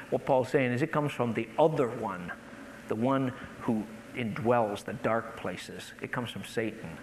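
A man preaching a sermon, building to impassioned peaks and then dropping low and soft. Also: slow pace, slight background noise, low-quality recording. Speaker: pastor.

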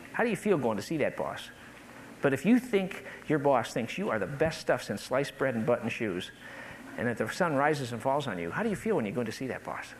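A man preaching a sermon, building to impassioned peaks and then dropping low and soft. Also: slight background noise, low-quality recording. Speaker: pastor.

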